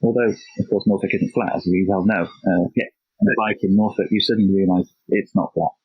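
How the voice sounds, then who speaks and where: Brief: 50s man, faint Yorkshire, low, flat, husky, halting reflective guest, dull lo-fi dry recording. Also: no echo. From Yorkshire, England. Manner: reflective, halting, many restarts and repeated words. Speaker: podcast guest, geography teacher. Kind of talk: casual interview chat.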